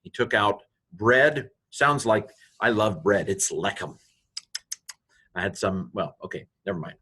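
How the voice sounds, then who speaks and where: A man's voice: fairly low pitch, expressive, moderate pace, bright, forceful tone, husky. An older man giving a recorded Hebrew grammar lesson, rambling and joking at himself, with many fillers and restarts. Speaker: Bible and Hebrew teacher.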